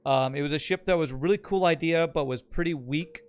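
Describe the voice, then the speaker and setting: A man streams a strategy game, chatting casually, cracking jokes and thanking his viewers as he plays. His voice is on the high side, brisk, clear and resonant, in casual live-stream commentary.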